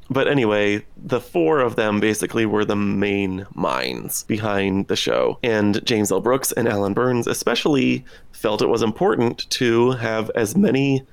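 Gravelly guy cohosting a podcast, casual chat, dry deadpan jokes, close dry mic. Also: on the low side, measured pace, few pauses, dry recording. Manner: dry sarcastic humor, thoughtful. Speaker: podcast co-host.

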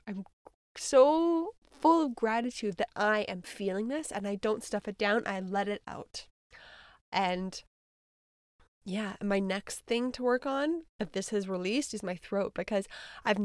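A woman in her thirties hosting a spiritual podcast, talking in an earnest, hesitant way with many fillers, sometimes dropping to a soft near-whisper. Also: medium pitch, no echo, clean studio sound. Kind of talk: casual reflective monologue.

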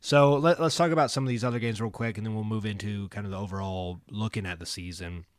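A man's voice: fairly low pitch, steady tone, quick pace, no echo. Rambling man on a sports podcast. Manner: rambling, many fillers and restarts. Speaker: podcast co-host. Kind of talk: casual sports podcast chat.

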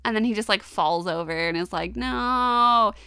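A woman's voice: lowish voice, fast, smooth, dry recording, studio quality. A woman co-hosting a podcast, casually retelling an anime episode with lots of laughs and quoted lines. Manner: giggly, animated retelling with quoted voices. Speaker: podcast co-host.

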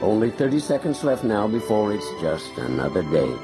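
An actor playing a smooth late-night radio DJ, speaking slowly and seductively in a film clip. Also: male voice, fairly low pitch, sing-song. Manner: slow, seductive radio patter. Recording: film clip with music behind.

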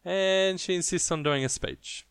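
A man's voice: high voice, unhurried, a bit bright, smooth, no echo. A man co-hosting a casual film review podcast, blunt and mocking, swearing freely. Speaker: podcast co-host.

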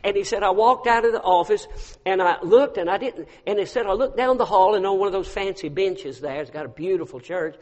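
A man preaches a storytelling sermon. He drops to a hush, then rises to a loud cry. His voice rings with the long reverb of a big church hall. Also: sits high, fairly quick. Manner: storytelling, swinging from hushed to loud. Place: church sanctuary.

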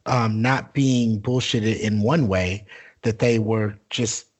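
A man hosting a casual podcast, asking calm questions and cutting in with short remarks. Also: lowish voice, slow pace, husky. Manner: calm, questioning, brief interjections.

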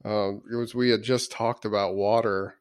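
A man's voice: on the low side, level tone, normal speed, clean tone. A man co-hosting a casual discussion, thoughtful and hesitant, with frequent ums. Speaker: podcast co-host.

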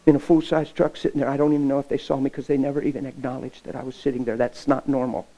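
Male pastor, middle-aged, mellow dark voice, emotional storytelling sermon with hushed moments. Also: mid-range voice, level tone, quick pace, dull audio. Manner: emotional, acts out dialogue, drops to near whisper.

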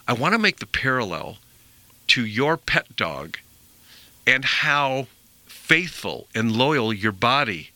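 A man's voice: mid-range voice, pushed and bright, dry recording. A middle-aged man hosting a radio health show, talking earnestly and rambling a little, often repeating himself. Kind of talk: conversational health talk.

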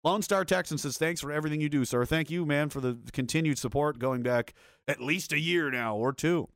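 A man's voice: on the high side, brisk, a bit bright, no room sound, studio quality. Heated, profane man ranting. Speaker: livestream host reading chat. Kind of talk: angry political rant on a livestream.

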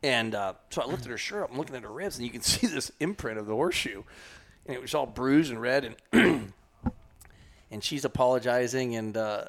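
A man's mid-range voice, with lively intonation and vocal fry, moves at normal speed as he casually recounts a long story on a podcast. He's a hunting guide who rambles, laughs often, and keeps restarting amid plenty of fillers.

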